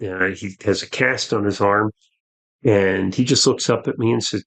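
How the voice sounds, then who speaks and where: A man, a podcast guest earnestly telling a personal story, with halting restarts. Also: fairly low pitch, steady tone, creaky, fairly bright tone.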